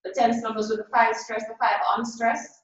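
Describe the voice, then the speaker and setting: A woman's voice: on the high side, level tone, a little fast. A woman taking part in a workshop, answering the presenter's questions. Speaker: workshop participant. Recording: distant echoey lo-fi audio.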